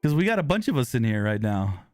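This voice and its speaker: Guy streaming a game live, mid-pitch voice, gets loud and excited, close dry mic, faint music behind. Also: fast, dry recording. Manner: excitable, loud exclamations and apologetic laughs. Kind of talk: live gaming stream chat. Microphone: close desk microphone.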